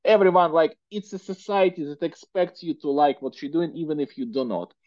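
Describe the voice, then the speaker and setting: A man in his thirties speaks with a Russian accent, chatting freely as an interview guest with plenty of "like" and "you know". His voice sits a little high for a man. The recording is dry and somewhat dull and lo-fi. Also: lively intonation, fairly quick, darkish tone, no echo. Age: 30s. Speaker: guest entrepreneur. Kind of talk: casual interview conversation.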